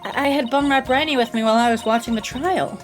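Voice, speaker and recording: Woman reading as a shy, gentle young witness. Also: fairly high pitch, fast, over music, voice pushed up, natural voice. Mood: wistful.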